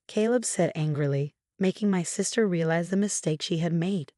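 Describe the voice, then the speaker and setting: A young woman narrating a first-person story in a measured, even storytelling manner. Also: lowish voice, dry recording, clean studio sound.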